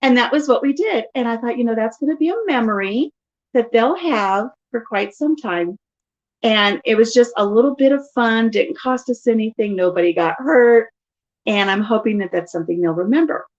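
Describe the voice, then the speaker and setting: A middle-aged woman casually telling stories in an animated way during a live chat at home. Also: fairly high pitch, normal speed, muffled recording. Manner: chatty, animated storytelling. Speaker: vlogger.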